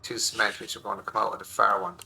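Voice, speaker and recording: A gravelly, sharp-edged Irish man in his forties chats away as he streams a game from his home desk. He rambles excitably through his stories, with faint game engine noise running underneath. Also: on the low side, quick pace, poor audio. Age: 40s. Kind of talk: casual gameplay commentary.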